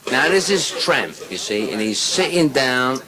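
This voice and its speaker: A man's voice: medium pitch, very animated, a little slow, very noisy. A male stand-up comedian telling crude, swear-filled jokes on stage. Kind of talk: live stand-up joke telling. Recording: live show with loud audience. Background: loud crowd laughing.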